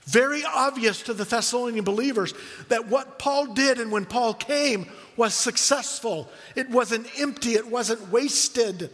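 A middle-aged man preaching a sermon as a pastor, telling stories with animated quoted voices. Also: very high-pitched, measured pace, in a large hall.

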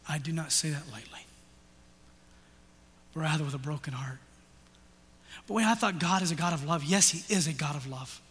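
A male pastor preaching an intense sermon, swinging from hushed whispers to loud, urgent passages. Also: on the high side, moderate pace, long pauses. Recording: long hall reverb.

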